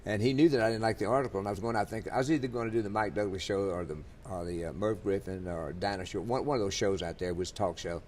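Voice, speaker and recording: A man's voice: fairly low pitch, quick pace, few pauses, a little mellow, slight background noise. An older man from Louisiana, telling long rambling stories in an interview, full of fillers and restarts. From Louisiana, USA. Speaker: interviewee, country singer. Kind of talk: storytelling in an interview.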